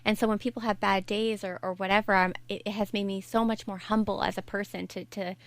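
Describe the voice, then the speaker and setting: A woman's voice: medium pitch, level tone, quick pace, dry recording. A young adult woman, a podcast guest, earnestly telling her own story in candid conversation, often restarting her sentences. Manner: earnest, reflective, frequent restarts. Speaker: podcast guest, life coach.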